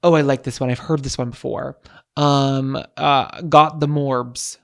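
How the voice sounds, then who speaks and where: A man's voice: medium pitch, steady tone, measured pace, vocal fry. A young adult man co-hosting a podcast, chatting playfully and casually with lots of fillers. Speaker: podcast co-host. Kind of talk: casual comedic chat.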